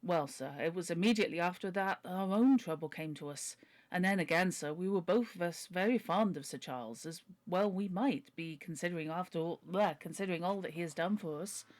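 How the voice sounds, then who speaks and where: A woman's voice: on the low side, fairly quick, a little mellow, natural voice. A woman voicing a humble, pleading older male butler while reading a novel aloud. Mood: earnest. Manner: earnest, deferential, begging.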